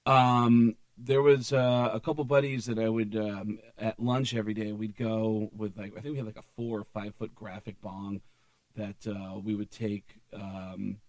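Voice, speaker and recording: A man's voice: fairly low pitch, little pitch movement, normal speed, a little mellow, dry recording. A man in his forties from Arizona, telling rambling stories as a guest on a casual podcast. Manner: rambling storyteller, lots of fillers. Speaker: comedian guest.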